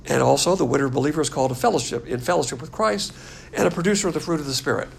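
A man's voice: fairly high pitch, racing, vocal fry, a little hiss or hum. An older man teaching a Bible class as a pastor, blunt and scornful in manner. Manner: blunt, scornful, animated lecturing.

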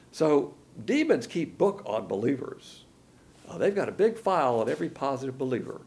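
A man's voice: medium pitch, big pitch swings, normal speed, darkish tone. A man giving a folksy, rambling verse-by-verse Bible lesson, with many fillers along the way. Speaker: Bible teacher.

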